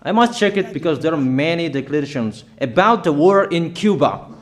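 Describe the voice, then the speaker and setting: A man preaching a prophetic sermon, making emphatic, repetitive declarations and often pausing with fillers. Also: on the high side, lively intonation.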